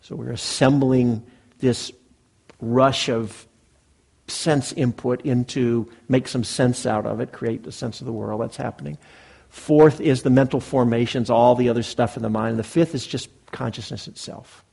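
A man gives a dharma talk to a live group in a meditation hall. His voice is gravelly and a little husky, at an ordinary pitch. He talks conversationally and checks in with the listeners often. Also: steady tone, moderate pace, a little mellow. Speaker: meditation teacher.

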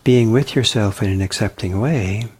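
Soft-spoken man with a deep, husky voice. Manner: soft-spoken, halting, with many pauses and restarts. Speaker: meditation teacher. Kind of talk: dharma talk.

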